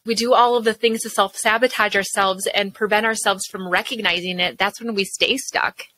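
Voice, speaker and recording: Brief: woman host, bright clear tone, chatty and encouraging. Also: mid-range voice, steady tone, moderate pace, a little hiss or hum, poor audio. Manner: encouraging, frequent short affirmations. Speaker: podcast host. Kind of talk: casual podcast interview.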